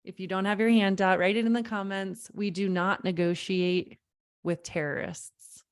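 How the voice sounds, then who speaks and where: A woman's voice: medium pitch, little pitch movement, normal speed, smooth. A woman parenting coach leading a live online workshop, speaking emphatically, repeating key phrases and talking straight to her audience.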